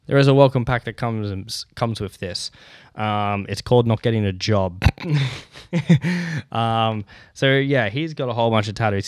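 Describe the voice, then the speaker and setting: A man's voice: medium pitch, smooth, no room sound, studio quality. Swearing, laughing man ranting. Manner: swears a lot, laughs between lines, animated rants. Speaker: podcast host. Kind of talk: casual solo podcast storytelling.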